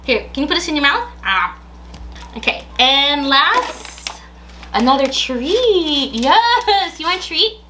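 Woman, high and bright, casual unboxing chat, sing-song baby talk to a dog. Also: big pitch swings, slow, slight background noise. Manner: gasps and laughs as she chats. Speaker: dog owner unboxing a pet subscription box.

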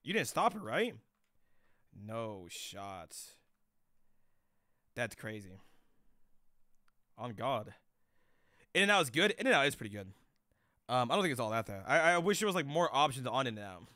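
A man's voice: mid-range voice, very animated, measured pace, long pauses, sharp tone, dry recording, studio quality. A young man streaming live, chatting loosely with chat in rambling, profane slang.

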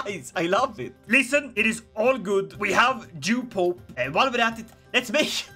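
Excitable, high-voiced man joking through gameplay. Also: moderate pace, few pauses, faint music behind. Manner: excitable and joking, laughing often. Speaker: gaming video creator. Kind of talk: let's play commentary.

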